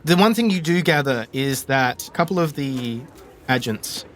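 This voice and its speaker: A man's voice: mid-range voice, animated, moderate pace. Man narrating as game master. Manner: descriptive, with frequent fillers and restarts.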